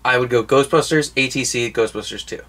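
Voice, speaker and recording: A man's voice: medium pitch, a little fast, a bit bright. A young man co-hosting a casual movie collection video, talking enthusiastically and rambling, with casual swearing. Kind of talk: casual chat.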